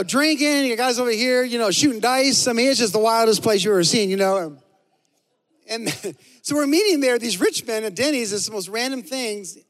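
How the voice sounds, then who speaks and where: High-voiced pastor preaching in a reverberant hall. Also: male voice. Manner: animated storytelling, voice swings from hushed to loud. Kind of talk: sermon.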